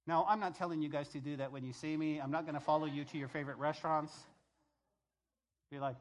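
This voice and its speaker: A man's voice: on the high side, a little fast. A middle-aged male pastor preaching a conversational sermon, repeating key phrases and telling stories from the pulpit.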